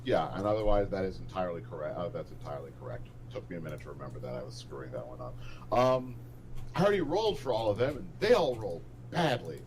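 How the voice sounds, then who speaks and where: A man's voice: sits low, very animated, fast talker, darkish tone, rough recording. Guy running a tabletop game, voice jumps all over, chatty and laughing a lot, some faint hiss. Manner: chatty, laughs at his own descriptions. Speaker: game master.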